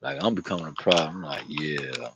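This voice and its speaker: A man's voice: lowish voice, normal speed, highs cut off, background noise. A man talking to camera outdoors in a loose, rambling monologue, slangy and profane, often laughing. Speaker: vlogger.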